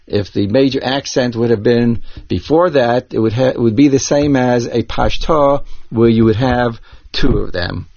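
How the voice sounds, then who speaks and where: Slow, methodical man teaching chant. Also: medium pitch, vocal fry, darkish tone, no room sound. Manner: slow, methodical, careful step-by-step explaining. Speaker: teacher of Torah cantillation. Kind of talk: instructional explanation with chanted examples. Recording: dull lo-fi dry recording.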